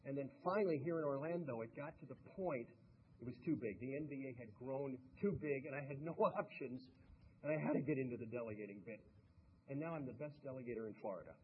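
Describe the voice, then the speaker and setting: Older male motivational speaker, animated and humorous, middle pitch, tinny lo-fi recording with faint hiss. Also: quick pace. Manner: animated and humorous, rising to loud punchlines. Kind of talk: speech to a live audience.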